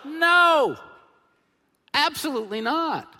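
Lively high-voiced preacher man in his fifties. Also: slow pace. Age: 50s. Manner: animated, emphatic preaching with sudden drops to quiet and loud bursts. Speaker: pastor. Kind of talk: sermon. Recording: long hall reverb.

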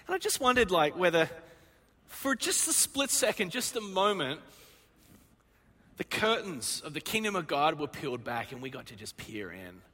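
A male pastor preaching a sermon, telling a story in an animated way and acting out the voices in it. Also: fairly high pitch, normal speed. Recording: long reverb of a church hall.

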